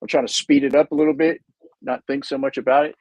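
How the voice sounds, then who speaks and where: A man's voice: mid-range voice, level tone, quick pace, vocal fry, darkish tone, slight background noise, poor audio. A man hosting a livestream, painting while he chats in a rambling, self-interrupting, jokey way. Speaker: livestream host painting models. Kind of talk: casual rambling chat.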